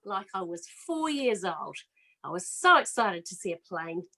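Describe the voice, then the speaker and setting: A middle-aged woman from Australia doing a self-mocking, animated stand-up set over a video call. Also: mid-range voice, moderate pace, vocal fry, noisy background. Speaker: comedian.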